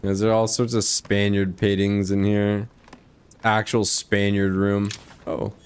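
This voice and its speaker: A man's voice: lowish voice, monotone, slow, smooth. A man casually commenting while playing a video game, joking and offhand. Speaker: gaming streamer.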